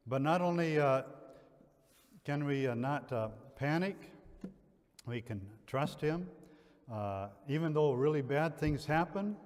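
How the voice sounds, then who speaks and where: A man from the Upper Midwest, a pastor preaching a sermon in a relaxed, conversational way, full of fillers and restarts. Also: fairly high pitch, big-room sound. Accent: Upper Midwest American. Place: church sanctuary.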